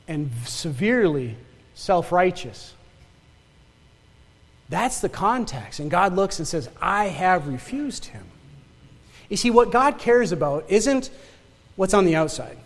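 A man's voice: high-pitched, big-room sound. A male pastor from northern Michigan with a Yooper accent, preaching a sermon full of rhetorical questions and repeated words.

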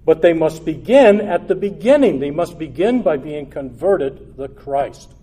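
A man preaching a sermon in an earnest, exhortative way, building to loud emphatic peaks and then dropping low and quiet. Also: animated, a little slow, husky.

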